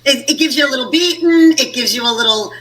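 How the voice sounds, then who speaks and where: A woman's voice: high voice, fast talker, a bit bright, rough recording. A woman guest cook in a casual chat, playful and self-deprecating.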